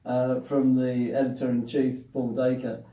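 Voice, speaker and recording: Dark-voiced man telling a wry story. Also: medium pitch, completely flat delivery, unhurried. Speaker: speaker recounting his newspaper career. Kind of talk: anecdotal storytelling to an audience. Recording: roomy hall, distant mic.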